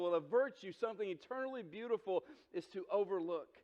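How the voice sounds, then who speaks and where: A fairly high-voiced man, preaching from a church pulpit. He is earnest and direct, stumbling over repeated words as he begins his points and asking the congregation questions. The sound is muffled and dull, with long reverb off the walls of the sanctuary. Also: lively intonation, a little fast, few pauses, a little mellow. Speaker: pastor. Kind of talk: sermon.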